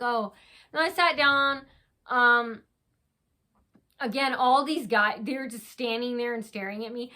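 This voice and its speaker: A woman's voice: on the high side, bright, forceful tone. A woman vlogger telling a long story in a rambling, casual way, with restarts and acted-out quotes. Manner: talks fast, with many restarts and acted quotes.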